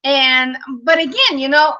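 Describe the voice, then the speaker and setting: Woman cohost thinking out loud, slow, bright high voice. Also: animated, highs cut off. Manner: slow, thoughtful, halting with fillers. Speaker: co-host, stepmom coach. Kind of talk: casual chat.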